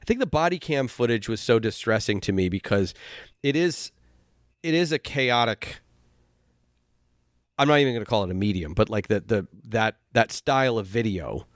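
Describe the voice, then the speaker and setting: A man hosting a casual podcast chat, talking haltingly with frequent restarts and sighs. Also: on the low side, lively intonation, no room sound, clean studio sound. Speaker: podcast host.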